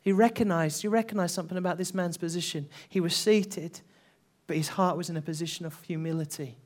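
A man preaching a Pentecostal sermon to his church, earnest, swinging between hushed passages and loud, building calls, and often repeating himself as he restarts. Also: fairly high pitch, fairly even intonation, a little fast.

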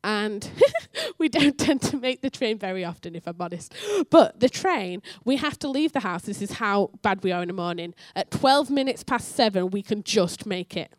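A woman giving a sermon in church, telling a story and acting out the dialogue with lively energy. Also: mid-range voice, normal speed, few pauses, no room sound. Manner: animated storytelling, acts out dialogue. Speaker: church speaker.

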